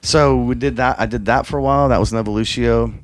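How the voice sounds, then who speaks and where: A man tells long, meandering band stories in a casual interview. His voice sits at an ordinary middle pitch, and he talks loosely and profanely, slipping into quick impressions of the people he quotes. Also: steady tone, dry recording. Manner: loose, profane, rambling storyteller who acts out quoted voices. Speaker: drummer, interview guest.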